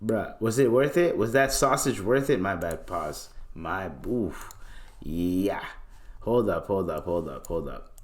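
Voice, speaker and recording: This young Canadian man hosts a casual podcast on his own, his voice low and unhurried. He talks in loose slang, stays animated, and acts out little scenes with different voices.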